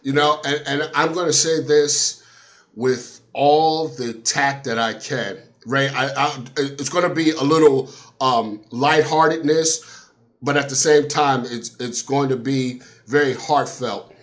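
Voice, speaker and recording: A man hosting an interview, chatting casually with halting, restarting sentences. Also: mid-range voice, a bit bright. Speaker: interview host.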